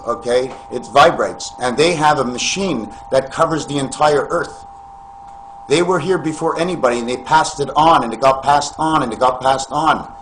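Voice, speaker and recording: A vlogger with a somewhat high, slightly bright voice wanders through a preachy spiritual monologue to camera, packed with rhetorical questions and calling his listeners friends. The recording is low quality, with a little background noise.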